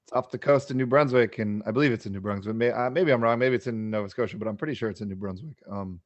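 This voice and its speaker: A man's voice: fairly low pitch, quick pace, no echo. Laid-back man with an easy laugh. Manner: easygoing, laughs often, swears casually. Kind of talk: casual podcast chat.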